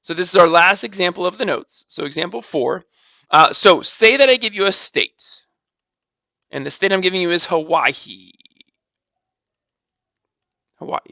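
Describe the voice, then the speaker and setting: A man teaches math in a casual, step-by-step manner, repeating figures as he works through them. His voice sits high and bright. The recording is dry and a little dull. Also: lively intonation, a little slow, gravelly, long pauses, no echo. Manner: talks through calculations step by step, casual, repeats numbers, says "blah, blah". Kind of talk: recorded math lesson walkthrough.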